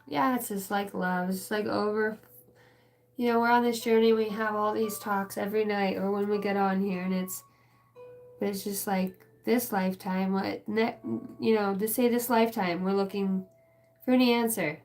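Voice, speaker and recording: A woman's voice: mid-range voice, steady tone, moderate pace, a little mellow, soft background music. A woman giving a casual channeled spiritual reading, rambling and emotional, swearing freely.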